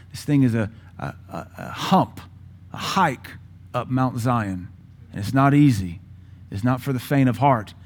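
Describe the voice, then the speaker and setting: A man in his forties preaching a sermon with passion, using dramatic pauses and acting out voices from scripture. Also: mid-range voice. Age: 40s. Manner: impassioned, dramatic pauses, mimics Bible voices.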